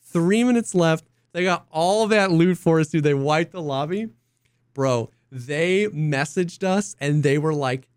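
A young man co-hosting a casual podcast, an excitable storyteller who acts out quotes in high voices. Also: normal speed, clean tone, no room sound. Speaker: podcast co-host. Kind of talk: casual chat.

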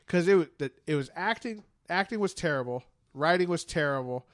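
Guy ranting casually, kinda high smooth voice, lots of "you know", dry close mic. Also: animated, brisk, a bit bright, dry recording. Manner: rambling, opinionated, many restarts and fillers. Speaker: podcast co-host. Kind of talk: casual chat.

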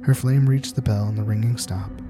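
A man reading a scripted horror story aloud in a measured, tense storytelling manner. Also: lowish voice. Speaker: narrator. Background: music.

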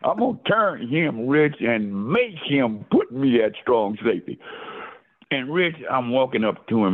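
An older man, a former football player, telling stories in a casual interview with lively, animated delivery and repeated address of the host. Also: mid-range voice, measured pace. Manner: animated storyteller who keeps addressing the host by name. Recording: phone-like, lo-fi line.

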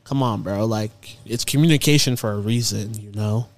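A man's voice: fairly low pitch, normal speed, soft background music. A man in casual podcast chat, talking in loose slang with lots of "bro" and "you feel me".

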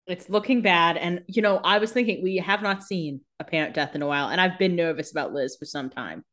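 A woman's voice: on the low side, fairly quick, fairly bright tone. A woman co-hosting a casual podcast, chiming in with laid-back reactions to a TV recap. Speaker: podcast co-host.

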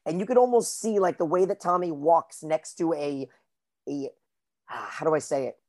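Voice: medium pitch, moderate pace, darkish tone. A podcast co-host recapping a TV episode in loose, casual chat, peppered with filler words.

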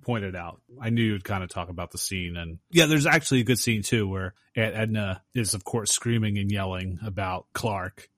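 A man co-hosting a film podcast, chatting in a relaxed, agreeable way. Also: lowish voice, moderate pace, hardly any pauses, no room sound, clean studio sound. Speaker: podcast co-host. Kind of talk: casual film discussion.

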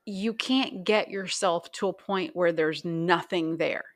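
A woman hypnotherapist, a guest, explaining things in a calm, instructive, guiding way. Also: on the low side, slow pace. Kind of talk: casual conversation.

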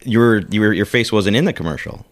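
A woman chiming in with quick remarks during a casual chat. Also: a bass voice.

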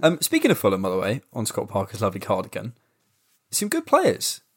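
A man's voice: on the low side, a little fast, breathy edge. A man co-hosting a football podcast, ranting in casual, sweary chat. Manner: animated, swearing, ranting, restarts. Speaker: podcast co-host.

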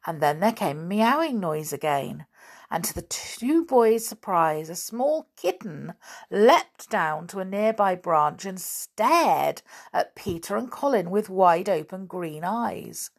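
A woman reading a children's adventure book aloud in a measured storytelling manner. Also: mid-range voice, sing-song. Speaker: reader.

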